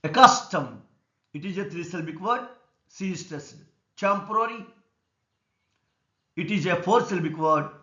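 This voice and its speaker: A man with an Indian English accent teaching an English lesson on word stress, explaining slowly and deliberately. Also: high-pitched, pushed and bright. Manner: slow, deliberate explanation, repeating words and stress rules. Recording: echoey room, dull lo-fi sound.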